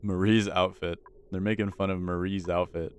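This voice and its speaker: A man's voice: low-pitched, little pitch movement, normal speed, slight background noise. Anxious man commentating his game. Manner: anxious, talks to his characters, repeats lines. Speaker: gaming YouTuber. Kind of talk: live gameplay commentary.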